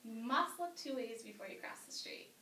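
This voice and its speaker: A woman telling a comic story live with an animated, playful delivery. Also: on the high side, normal speed, very noisy. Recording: roomy, distant live-stage mic.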